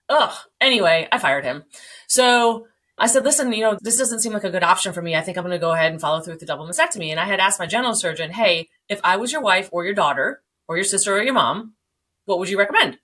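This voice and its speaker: A woman in her forties telling her story as a podcast guest, animated, acting out quoted dialogue, swearing and laughing along the way. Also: medium pitch. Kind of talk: candid storytelling.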